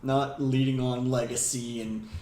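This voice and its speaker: A laid-back man co-hosting a podcast, with a mid-pitched voice, steering the chat from one segment to the next. His voice carries a clear echo from the room. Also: little pitch movement, unhurried, over a noisy crowd. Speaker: podcast co-host. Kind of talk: casual wrestling recap chat. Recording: echoey room.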